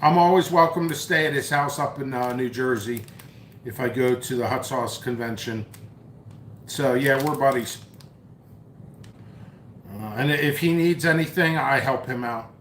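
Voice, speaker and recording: A man's voice: medium pitch, unhurried, pauses often, fairly bright tone, a little hiss or hum. Man, stream host, casual rambling, mocking, restarts, echoey room. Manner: storytelling, mocking, swears, restarts often. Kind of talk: rambling live stream chat, reading comments. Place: at home, eating noodles.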